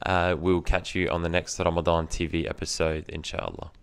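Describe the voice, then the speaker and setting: A man hosting an interview, polite and soft-spoken as he thanks his guest. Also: sits low, little pitch movement, moderate pace, gravelly, slight background noise. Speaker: host. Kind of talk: interview chat.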